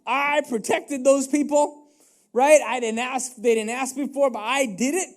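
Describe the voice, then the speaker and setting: A fiery young warrior leader, indignant and emphatic, as a preacher puts him on. The voice jumps well above the speaker's usual pitch and comes out loud and forceful. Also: male voice, fairly even intonation, moderate pace. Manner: heated, emphatic.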